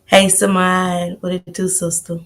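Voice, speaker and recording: A woman hosting a casual livestream, greeting viewers by name in relaxed, slangy banter. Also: fairly low pitch, unhurried. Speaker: livestream host.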